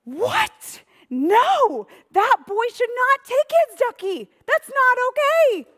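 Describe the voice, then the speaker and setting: A woman's voice: very high-pitched, sing-song, slow pace, a bit bright, in a large hall, pitched above the performer's own voice, heavily acted. A woman voicing a young boy who gasps in indignation when another child takes his toy. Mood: indignant. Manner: gasping, indignant. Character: young boy upset over a stolen toy.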